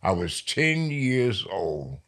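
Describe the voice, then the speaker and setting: An older man from New York, a poet being interviewed, telling stories in a lively way and slowing down for emphasis. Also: low voice. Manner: lively storyteller, slows down for emphasis. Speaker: poet guest. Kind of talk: storytelling interview.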